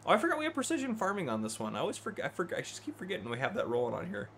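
A man's voice: high voice, wildly swooping pitch, rapid-fire, fairly bright tone, a little hiss or hum. A man hosting a live farming-game stream, chatting with viewers by name and breaking into helpless laughter. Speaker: livestream gameplay host.

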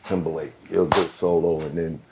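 A man hosts a casual podcast interview, talking loosely and leaning on fillers. His voice sits very low. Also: flat delivery, moderate pace, noisy background. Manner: loose, conversational, filler-heavy. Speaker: podcast host.

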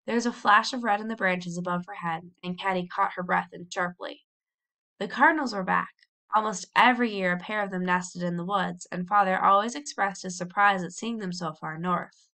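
A woman reading a children's novel aloud as a storybook narration, lively, with brief cheerful voices for the characters. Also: fairly low pitch, moderate pace. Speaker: audiobook reader.

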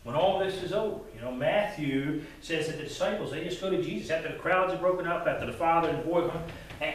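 Speaking fast in a voice that's a little high and a bit bright, this man delivers an earnest sermon as a pastor, repeating words for emphasis. He's recorded from a distance in a very echoey church hall.

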